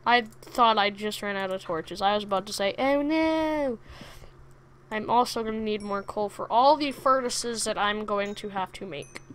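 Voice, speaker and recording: A woman giving chatty, excitable let's play commentary from a home setup, talking to the game's monsters as she plays. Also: mid-range voice, moderate pace, few pauses, a little hiss or hum. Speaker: gaming video creator.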